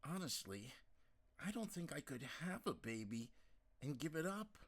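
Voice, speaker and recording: A frank, friendly young woman talks openly with her friends, her voice lifted and bright in pitch, as a man reading the story does her. The delivery is slow and easy. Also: sing-song, full character voice.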